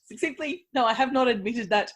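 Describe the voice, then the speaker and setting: A woman's voice: on the high side, fairly quick. A woman co-hosting a podcast, chatting casually, laughing often and slipping into silly voices. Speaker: podcast co-host. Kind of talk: casual chat.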